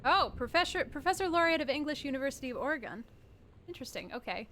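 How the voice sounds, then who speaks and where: Woman streamer, high voice, chatty, blunt, casual swearing. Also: very animated, quick pace, a bit bright, slight background noise. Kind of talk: live game commentary.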